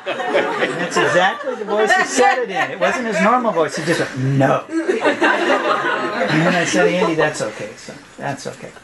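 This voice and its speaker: A man's voice: high-pitched, sing-song, brisk, few pauses, a loud crowd. A middle-aged man, a former youth pastor, telling a personal testimony at a church event, laughing often and acting out his children's voices. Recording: noisy live recording.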